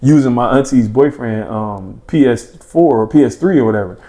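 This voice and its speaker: A man's voice: mid-range voice, normal speed. Young guy on a podcast telling hoops stories, slangy, acts out what everybody said, regular mid voice. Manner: animated storyteller, acts out his own past thoughts and friends' reactions, slangy. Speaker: podcast guest, former junior college basketball player. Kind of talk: casual storytelling in a podcast chat.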